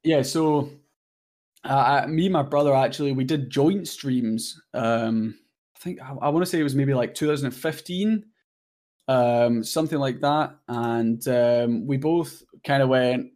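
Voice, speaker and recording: A man's voice: mid-range voice, normal speed, darkish tone. A man in his twenties, a guest content creator chatting casually in an interview, rambling and self-deprecating with lots of fillers.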